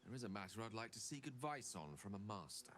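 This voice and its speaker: A man's voice: on the low side, very animated, quick pace, a bit bright, faint music behind. An actor playing a courteous, learned male wizard companion in a video game, speaking formally and politely. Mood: inquisitive.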